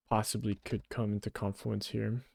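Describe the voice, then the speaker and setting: Excitable low-voiced young trader guy. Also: moderate pace, gravelly, no echo, clean studio sound. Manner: casual and excitable, swears, says "bro". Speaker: day trader. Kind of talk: live trading commentary.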